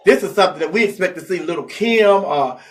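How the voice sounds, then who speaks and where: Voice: mid-range voice, lively intonation, fast. A comedy talk show host telling a gossip story in casual, sassy chat and acting out the people in it.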